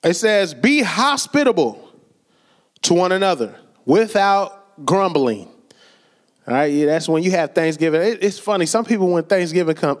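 High-voiced preacher telling stories. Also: male voice, expressive, moderate pace. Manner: conversational storytelling with laughs and acted quotes. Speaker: pastor. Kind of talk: sermon.

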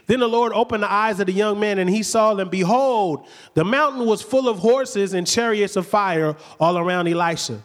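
High-voiced preacher man in a hall. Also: moderate pace. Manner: lively, conversational retelling with acted quotes and rhetorical questions. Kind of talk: sermon. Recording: long hall reverb.

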